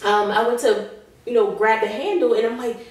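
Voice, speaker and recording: A woman being interviewed as a guest, giving an emotional personal testimony in an earnest way. She slows down on heavy moments. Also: fairly high pitch. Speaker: guest sharing her survival story. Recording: very echoey room, voice far from mic.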